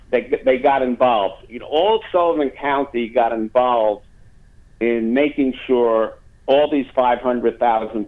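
Man talking over a tinny phone line. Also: mid-range voice. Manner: rambling, many fillers and restarts. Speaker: guest. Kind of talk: phone interview.

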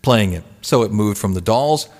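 A man's voice: on the low side, animated, normal speed, a little mellow, big-room sound. A man hosting a radio show, telling rock stories in a chatty, teasing way. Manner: chatty storyteller, playful teasing. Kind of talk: casual radio chat.

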